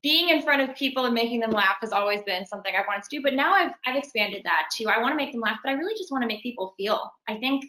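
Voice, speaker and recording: A young woman talks about her acting life in a relaxed interview, lively and quick to laugh. Her voice is bright and forward. The room around her rings with echo. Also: on the high side. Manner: chatty and animated, laughs while talking. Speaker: actress and singer. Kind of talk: casual interview.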